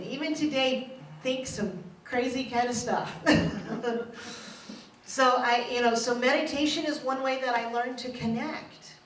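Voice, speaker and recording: A middle-aged woman minister shares her story from the pulpit, candid and quick to laugh at herself. Her voice sits at an everyday pitch and carries a roomy echo from a mic set some way off. A faint hiss runs underneath. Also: distant mic. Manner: candid and self-mocking, laughs often. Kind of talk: personal testimony sermon. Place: church sanctuary.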